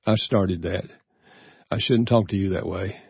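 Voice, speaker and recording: An older man speaks in an earnest, reflective way as a guest author on a radio interview. His voice sits low and carries a husky edge. The studio sound is dry and a bit dull. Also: a little slow, dry recording. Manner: earnest, reflective, easy chuckles. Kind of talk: personal storytelling in a radio interview.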